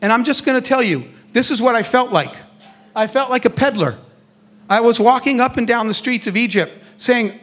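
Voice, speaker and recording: A middle-aged man with a notably high voice for a man delivers a motivational speech. He tells his stories in a lively way and plays out each exchange of dialogue. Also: normal speed. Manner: animated storyteller acting out dialogue. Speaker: keynote speaker on entrepreneurship.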